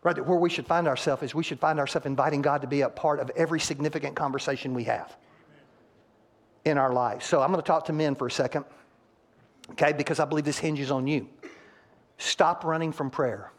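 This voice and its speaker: A fast-talking pastor with a fairly high voice preaches a sermon in a church sanctuary. He's animated, playing out couples' quotes to make his points and getting louder at the punchlines.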